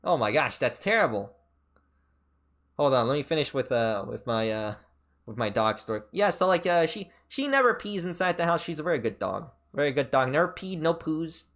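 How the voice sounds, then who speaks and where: A man streaming a casual chat, telling a rambling story full of fillers and restarts, his pitch jumping sharply up and down. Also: big pitch swings, moderate pace, a bit bright. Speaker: VTuber streamer.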